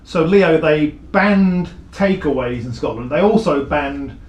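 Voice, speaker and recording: A man's voice: fairly high pitch, takes it slowly. A man hosting a political interview show, prompting his guest with short agreeing interjections. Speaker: talk show host, former politician. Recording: echoey room.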